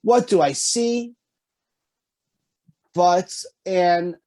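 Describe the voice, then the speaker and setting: A man telling a story on a casual podcast, animated and swearing often, jumping high when quoting himself. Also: drawn-out words, no echo. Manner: animated, swears often, jumps to high pitch for quoted lines. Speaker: podcast co-host.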